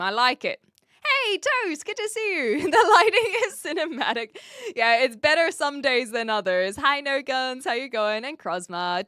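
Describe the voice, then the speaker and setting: A woman from New Zealand chatting playfully with her stream viewers. Her voice sits a little high and sounds bright and crisp. The recording is close and dry. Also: dry recording. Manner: chatty, playful, self-deprecating, with frequent restarts. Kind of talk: casual live-stream chat answering viewers.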